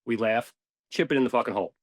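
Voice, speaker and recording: A man, a podcast guest, telling stories in a casual, animated way, swearing now and then and acting out what people said. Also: mid-range voice, fast talker, no echo. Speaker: podcast guest, ball marker maker. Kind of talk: casual storytelling interview.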